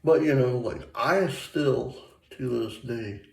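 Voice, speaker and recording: A man's voice: mid-range voice, slow, gravelly. A man from Michigan rambling in a casual chat, full of fillers and restarts. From Michigan, USA. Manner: meandering, many fillers and restarts. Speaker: shaving vlogger. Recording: echoey bathroom, faint tap water.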